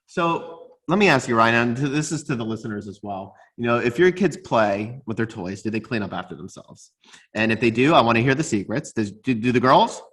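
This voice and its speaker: A man co-hosting a casual podcast as a father, telling stories excitably, repeating words and bursting into laughter. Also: medium pitch, fairly quick. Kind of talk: casual chat.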